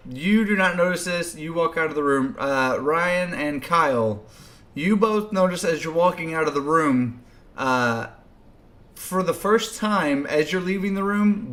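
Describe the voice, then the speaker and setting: A man narrating a tabletop game as game master, casual and halting, laughing often. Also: on the high side, expressive, a bit bright.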